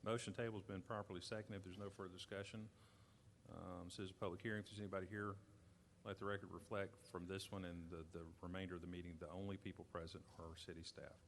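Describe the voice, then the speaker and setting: Man, deep voice, fast clipped chairman reading the agenda, faint gym ambience. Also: flat delivery, a little hiss or hum. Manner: brisk, routine parliamentary phrasing. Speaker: board chairman. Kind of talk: formal meeting procedure. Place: community center gym.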